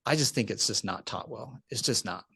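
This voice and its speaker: A man with a middle-pitched voice tells a story in an animated, conversational way. His emphasis climbs as the story builds. The recording is dry and close, with almost no room sound. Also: a little fast, creaky, slightly rough, no room sound. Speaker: podcast guest, retirement account specialist.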